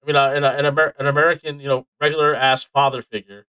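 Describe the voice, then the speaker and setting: A man co-hosting a casual podcast, telling stories with animated energy, plenty of swearing and laughter. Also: mid-range voice, fast, clean tone, dry recording, rough recording. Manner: animated storytelling, heavy swearing, frequent laughs. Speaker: podcast co-host. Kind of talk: casual chat.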